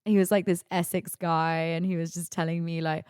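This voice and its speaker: A young woman in her twenties talks through her week on her own podcast. Her voice sits a little low, and her speech is rambling and confiding, full of "like". The sound is close and dry, with no room around it. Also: flat delivery, a little fast, darkish tone, clean tone, dry recording. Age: 20s. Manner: confiding, rambling, heavy use of "like". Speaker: podcast host. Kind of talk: candid solo podcast monologue.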